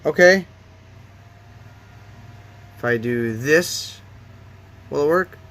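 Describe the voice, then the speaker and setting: A man live-streaming from his phone mutters in frustration as he fiddles with the app's settings, talking both to himself and to chat. His voice is fairly high, expressive and fairly bright, and he draws out his words.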